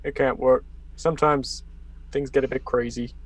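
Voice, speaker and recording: A man's voice: medium pitch, little pitch movement, moderate pace, no room sound. A man playing a tabletop game in character, laid-back and hesitant with many fillers. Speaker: player. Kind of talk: casual in-character tabletop play.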